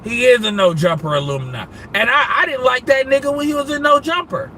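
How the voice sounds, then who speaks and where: A man's voice: very high-pitched, expressive, fairly quick, bright, forceful tone, a little hiss or hum. A man ranting casually on a live stream, profane and rambling, breaking into laughter. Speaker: livestreamer.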